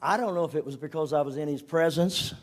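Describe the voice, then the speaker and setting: An older man tells a personal story to a congregation in a high voice. He is animated and drops to a whisper for emphasis, then rises again. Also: fast. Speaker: speaker giving a testimony.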